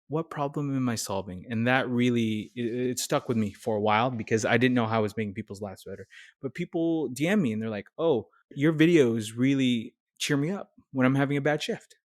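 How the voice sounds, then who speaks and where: A young man talks through practical steps for starting content creation, speaking with a direct, coaching energy. His voice sits at an ordinary middle pitch, and the delivery stays casual and conversational. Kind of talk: casual how-to talk.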